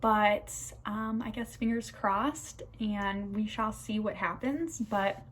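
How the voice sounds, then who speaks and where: A woman's voice: medium pitch, steady tone, slow pace. A young woman in her twenties, a nursing student, telling a personal story in a casual vlog, gushing and enthusiastic with lots of fillers. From United States.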